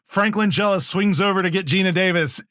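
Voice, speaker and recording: A man co-hosting a casual movie review podcast, rambling and restarting his sentences, with animated asides. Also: high voice, fairly quick, no room sound, studio quality. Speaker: podcast co-host.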